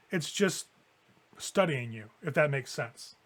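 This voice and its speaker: A man with a fairly high voice runs a tabletop game as its game master. His narration is loose and profane, and laughter often breaks into it. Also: expressive, moderate pace, fairly bright tone.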